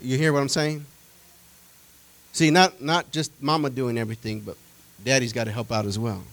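A male preacher delivering a sermon in a folksy, conversational way, animated and full of repetition and rhetorical questions to the congregation. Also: mid-range voice, low-quality recording.

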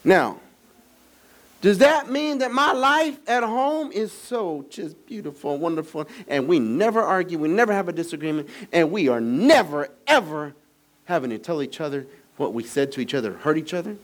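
Animated preaching man, teasing asides. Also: moderate pace. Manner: animated preaching, rising high and loud in emphasis; conversational, teasing asides to the congregation. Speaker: pastor. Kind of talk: sermon. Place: church sanctuary.

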